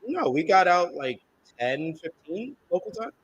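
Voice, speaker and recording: A man's voice: high-pitched, big pitch swings, unhurried, slight background noise. A man hosting a casual live podcast, upbeat and chatty as he reads out the chat. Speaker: podcast host.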